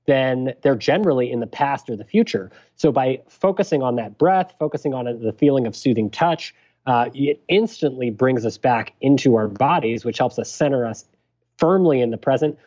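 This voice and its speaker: A man who is a physician guest on a podcast interview, explaining things in a measured, careful way. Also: mid-range voice, lively intonation, warm tone, lo-fi sound.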